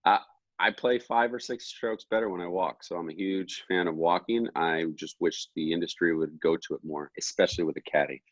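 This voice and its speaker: Deep husky-voiced man in his 50s. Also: steady tone, a little fast, no echo. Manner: storytelling, blunt, swears casually. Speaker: guest golf trainer. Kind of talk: casual interview chat. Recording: muffled lo-fi dry sound.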